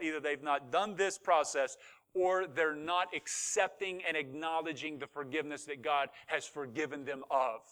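A man's voice: a little high, sharp tone. A man pastor preaching a sermon with rising fervor, asking the congregation for responses.

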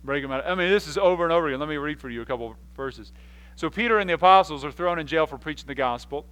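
Male pastor, fairly high-voiced, animated storyteller who acts out scenes, repeats words and restarts his sentences. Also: fast, clean tone, low-quality recording. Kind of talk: sermon.

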